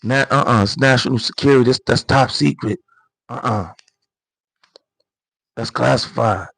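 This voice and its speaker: A man's voice: medium pitch, expressive, normal speed, gravelly, a bit bright, no echo, poor audio. A man hosting a livestream, giving casual political commentary in an emphatic, repetitive way full of rhetorical questions. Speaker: livestream host.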